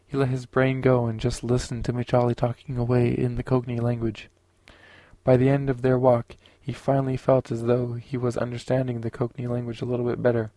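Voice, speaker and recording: A man narrating a science fiction audiobook in a steady, unhurried way. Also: mid-range voice, no echo.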